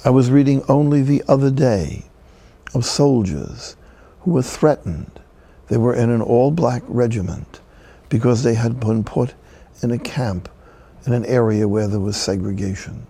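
An older male friar preaches on a broadcast program, telling a story with slow, solemn pauses. His voice is gravelly and husky, with a dark, low tone. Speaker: Catholic friar and priest. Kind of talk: broadcast sermon.

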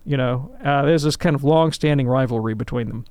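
A man in a call-in radio discussion, answering a listener's question in an animated, lecturing way and checking in with "right?". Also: medium pitch, brisk, no room sound.

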